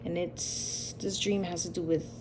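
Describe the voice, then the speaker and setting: A woman with a fairly low, mostly flat voice talks a little slowly against a noisy background. She hosts her own channel and casually retells a dream, rambling and repeating herself, with lots of quoted dialogue.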